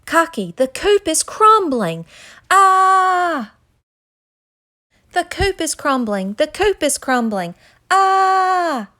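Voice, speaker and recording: A woman's voice: a little high, very animated, a little slow. A woman voicing a frantic little male chicken who shrieks in alarm. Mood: panicked.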